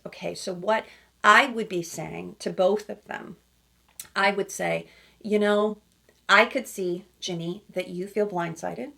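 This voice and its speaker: A woman's voice: on the low side, creaky, fairly bright tone. A woman couples therapist giving emphatic reaction commentary, often checking in with asides like "okay?" and "right?". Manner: emphatic, acts out quoted lines in other voices.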